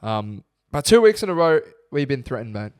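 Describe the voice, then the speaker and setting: A young man with an Australian accent, co-hosting a podcast and telling stories in a relaxed, casual way. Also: mid-range voice, normal speed, clear, resonant tone, no room sound, clean studio sound. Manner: laid-back storytelling, swearing freely. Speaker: podcast co-host. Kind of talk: casual chat.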